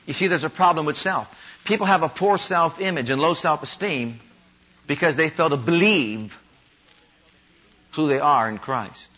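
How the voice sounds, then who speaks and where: A man's voice: fairly high pitch, normal speed, long pauses, slightly rough. A man preaching a sermon, pressing his congregation with emphatic, repeated rhetorical questions. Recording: dull lo-fi sermon recording.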